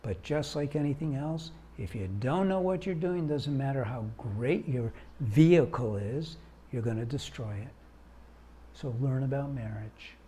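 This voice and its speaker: A man's voice: medium pitch, unhurried, slightly rough. A man who founded a marriage organization, giving earnest, emphatic advice straight to the viewer. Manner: earnest, emphatic, rising into animated urging. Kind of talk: direct-to-camera advice talk.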